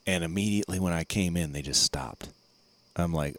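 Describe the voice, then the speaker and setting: A man's voice: low voice, normal speed, no room sound. A man co-hosting a podcast, laughing easily and telling short anecdotes in casual chat. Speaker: podcast co-host.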